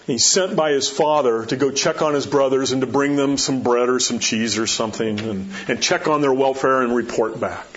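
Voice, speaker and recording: A man's voice: medium pitch, normal speed, few pauses, a little hiss or hum. A man pastor preaching a sermon, emphatic and storytelling, repeating rhetorical questions. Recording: dull lo-fi recording.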